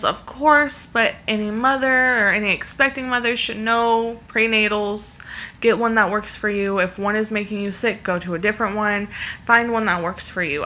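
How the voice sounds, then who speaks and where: A woman's voice: medium pitch, bright, forceful tone, slight background noise. A pregnant young woman chatting casually to camera in a rambling way, with many fillers. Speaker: vlogger.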